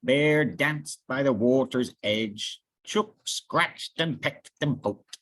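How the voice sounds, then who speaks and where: A storybook reader telling a picture book aloud very slowly, with voiced sound effects. The voice is husky and its pitch swoops widely across each phrase. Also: dry recording. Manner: slow, expressive, with sound effects.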